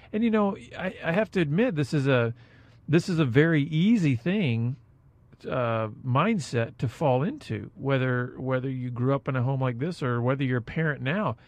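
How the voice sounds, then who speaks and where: A man's voice: mid-range voice, a little mellow, dry recording. A man co-hosting a faith-based discussion, thoughtfully posing long, searching questions. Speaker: co-host.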